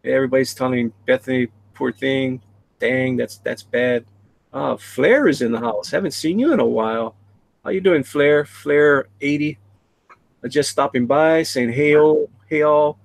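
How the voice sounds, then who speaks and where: Gravelly man hosting a casual stream. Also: medium pitch, normal speed, no echo, rough recording. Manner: reads chat messages aloud, chatty. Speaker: live stream host. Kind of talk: casual live stream chat.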